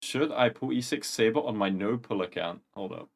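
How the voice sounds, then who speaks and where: Young male streamer, gravelly and a touch low; loose, rambling chat with viewers. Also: animated, moderate pace. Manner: rambling, answers chat questions, gamer slang. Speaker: livestream host. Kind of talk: casual livestream chat.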